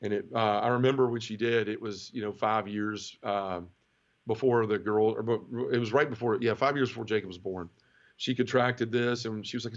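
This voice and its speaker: A middle-aged man from the southern United States, giving an emotional personal testimony in an interview, halting and full of restarts. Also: lowish voice, steady tone. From Memphis area, southern United States. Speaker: guest. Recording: dull lo-fi audio.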